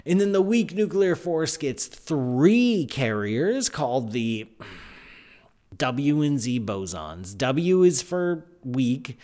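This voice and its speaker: A man hosting a live science show, talking in an excitable, animated, chatty way. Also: fairly high pitch, takes it slowly. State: out of breath. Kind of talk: live-stream science talk.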